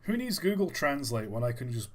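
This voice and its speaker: A man's voice: medium pitch, sing-song, fairly quick. A man, chatting casually and joking about trains on a live stream. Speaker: co-host.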